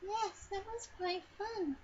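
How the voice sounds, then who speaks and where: A woman playing a shy young filly pony in a pony tabletop game, speaking softly and hesitantly. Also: extremely high pitch, slow pace, muffled recording, a little hiss or hum. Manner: timid, hesitant, soft.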